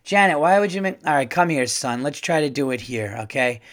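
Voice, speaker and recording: A man voicing a brash, gum-chewing older woman cashier who talks loud and teases. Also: a little high, lively intonation, a little fast. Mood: impatient. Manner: loud, teasing, exasperated.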